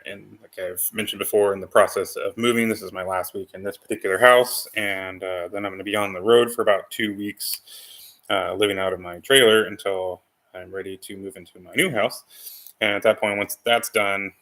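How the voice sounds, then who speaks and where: Bright-toned low-voiced man chatting live. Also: steady tone, normal speed, creaky. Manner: rambling, full of ums and restarts. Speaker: channel host. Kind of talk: casual live-stream chat.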